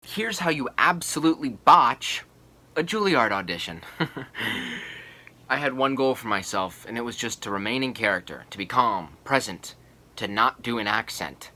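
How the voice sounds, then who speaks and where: A man's voice: medium pitch, very animated, normal speed, sharp tone. A young man filming himself at home, joking and rambling nervously to the camera. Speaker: vlogger. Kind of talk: self-filmed vlog clip. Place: small apartment at home.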